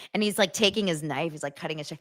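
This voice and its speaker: A woman's voice: sits low, a bit bright, dry recording, studio quality. A young adult woman hosting a celebrity gossip show, talking in a gushing, dramatic way with exaggerated reactions. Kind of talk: casual gossip commentary.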